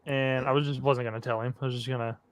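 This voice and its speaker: A man's voice: mid-range voice, flat delivery, quick pace, clear, resonant tone, dry recording, dull audio. A man on a podcast casually teasing a friend, swearing as he tells the story. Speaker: podcast co-host. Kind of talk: casual chat.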